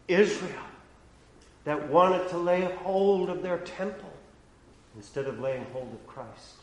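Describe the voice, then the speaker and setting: A male pastor preaching a sermon, swinging from hushed, low lines to loud, rising ones. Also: reverberant.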